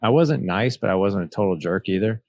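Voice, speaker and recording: A deep-voiced man in his forties speaks in a candid, reflective way, slipping into the voices of people from his past. The recording is dry, with no room sound. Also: animated, fairly quick, a little mellow, dry recording. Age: 40s. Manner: earnest, reflective, acts out dialogue from memory. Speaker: podcast guest, author. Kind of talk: candid personal storytelling.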